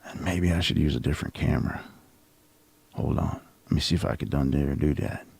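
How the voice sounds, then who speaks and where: A man's voice: a bass voice, brisk, creaky, a little mellow, slightly rough. A man hosting a video that reacts to clips, mocking and sarcastic, often restarting his sentences. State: coughing. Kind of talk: casual commentary.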